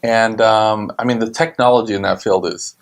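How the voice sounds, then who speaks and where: A man's voice: fairly low pitch, steady tone, moderate pace, vocal fry. A man co-hosting a casual talk show, joking and playful. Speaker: co-host.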